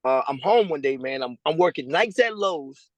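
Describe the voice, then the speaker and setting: A man, a guest telling his story over a remote call in a casual, slangy way and acting out other people's lines in a higher voice. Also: animated, moderate pace, no room sound, poor audio. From Louisiana. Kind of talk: storytelling interview. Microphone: remote call over a weak connection.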